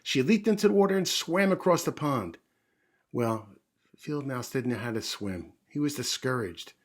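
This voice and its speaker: A man reads a children's picture book aloud, gently guiding young listeners and pointing out details. His voice sits in an ordinary range. It carries a soft, husky edge. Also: mid-range voice, lively intonation, moderate pace. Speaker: children's story reader. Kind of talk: storytime read-aloud.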